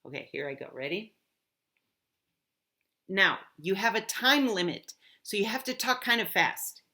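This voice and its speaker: A woman teacher with a bright, ringing voice explains an app to students one step at a time. She talks at an ordinary pitch, in a clear, encouraging way. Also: big pitch swings, unhurried.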